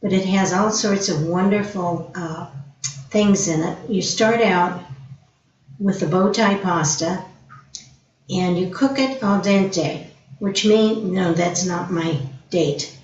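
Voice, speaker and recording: Slow-talking woman demonstrating a recipe. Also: lowish voice. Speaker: guest cook. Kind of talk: cooking demonstration. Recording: roomy, distant, dull, faint hiss.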